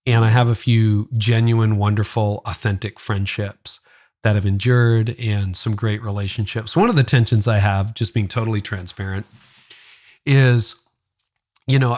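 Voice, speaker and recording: A man's voice: on the low side, steady tone, normal speed, a little mellow. A man who is a former pastor, talking candidly and earnestly in a podcast conversation, rambling a little and acting out the voices of people he quotes.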